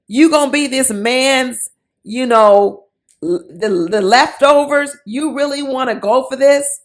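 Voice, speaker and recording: A woman giving casual, sassy commentary on a reality show, mocking the people in it with quoted voices. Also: a little high.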